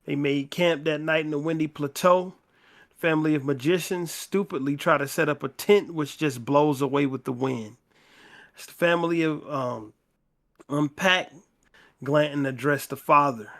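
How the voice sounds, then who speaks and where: A man's voice: a little high, a bit bright. A man hosting a book club podcast, retelling a novel's scenes in a casual, conversational way and reading the characters' lines in his own voice. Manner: slow, conversational retelling with quoted dialogue read in plain voice.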